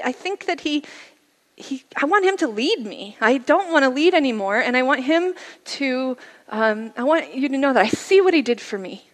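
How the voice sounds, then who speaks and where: A middle-aged woman telling her faith story at a church service, in an earnest, conversational way that often sinks to a soft hush. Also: on the high side, big-room sound. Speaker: guest speaker sharing a testimony. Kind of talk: personal testimony talk.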